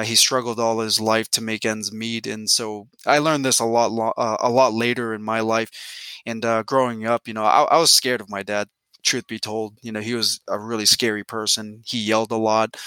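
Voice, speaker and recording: Man, thirties, bright crisp voice, dry close sound, earnest, reflective, casual chat. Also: medium pitch, no room sound. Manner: earnest, reflective, many fillers. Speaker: podcast guest. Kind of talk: casual conversation.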